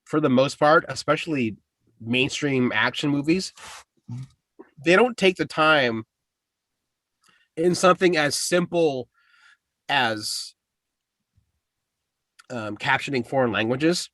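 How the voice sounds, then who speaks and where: A man's voice: mid-range voice, expressive, slow, pauses often, a bit bright, dry recording. A man hosting a casual pop-culture podcast, talking loosely and with swearing, often restarting his sentences. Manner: loose, profane, rambling with restarts. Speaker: podcast host. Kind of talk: casual chat.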